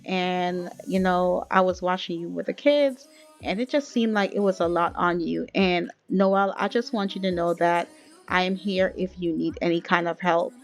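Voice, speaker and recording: A woman's voice: fairly low pitch, moderate pace, soft background music, natural voice. Woman voicing a caring male friend. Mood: reassuring. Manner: earnest, reassuring, casual slang.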